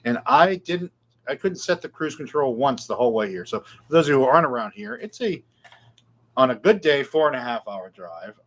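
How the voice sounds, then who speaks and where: A man's voice: medium pitch, very animated, a little fast. A middle-aged man, hosting a casual live guitar Q&A with rambling, self-deprecating chat. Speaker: guitar shop show host.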